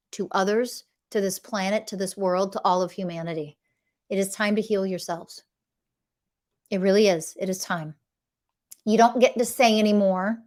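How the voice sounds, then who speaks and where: A woman's voice: medium pitch, darkish tone. A middle-aged woman delivering an impassioned, confrontational monologue as a podcast host, swearing freely. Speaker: podcast host, emotional health coach.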